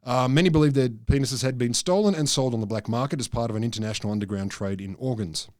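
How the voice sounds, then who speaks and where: A middle-aged man recounts odd history on a podcast in a dry, deadpan way. His voice sits at an ordinary middle pitch, and the sound is close and dry, with no room around it. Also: fast, no room sound. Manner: deadpan, dry jokey storytelling. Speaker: podcast co-host telling the history. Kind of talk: casual comedic science chat.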